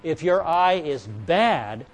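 A man's voice: a little high, very animated, takes it slowly. A man teaching a Bible lesson in a conversational way, reading scripture aloud with emphasis and questioning and joking with his listeners. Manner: asks the audience questions and jokes with listeners.

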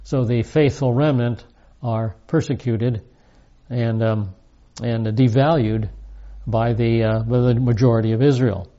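A man giving a recorded Bible lesson, reading verses aloud with emphasis and explaining them in a measured teaching manner. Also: medium pitch, fairly even intonation, mellow, muffled recording.

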